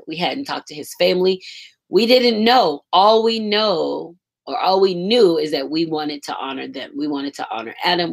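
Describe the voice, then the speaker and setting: A woman on the staff of a school, telling a personal story in a casual, emotional way with some swearing. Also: deep voice.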